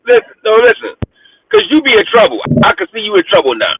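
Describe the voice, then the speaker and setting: A man's voice: sits high, huge pitch swings, quick pace, vocal fry, a bit bright, recorded from a distance, a little hiss or hum, low-quality recording. A man co-hosting a morning show who keeps cutting in with questions and jokes. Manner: insistent, cutting in again and again. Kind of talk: comedic morning-show banter.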